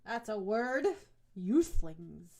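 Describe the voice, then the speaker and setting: A woman's voice: mid-range voice, extremely slow. A woman reading a novel aloud on a podcast and breaking off for sarcastic commentary. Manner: reads flatly, breaks off for sarcastic asides. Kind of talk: casual book reading with commentary.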